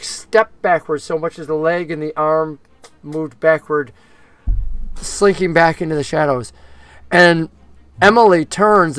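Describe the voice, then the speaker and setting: A man narrating a tabletop role-playing game as game master, talking in a lively way and jumping into character voices. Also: a little high, dry recording.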